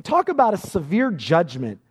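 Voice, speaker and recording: A man's voice: high voice, wildly swooping pitch, normal speed, breathy edge. A man preaching an expository sermon, emphatic, often repeating words and restarting phrases as he presses a point.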